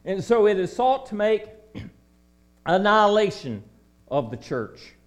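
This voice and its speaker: A man preaching a sermon in a dramatic way, dropping to a hush and then rising to loud declaiming. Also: high-pitched, sing-song, takes it slowly.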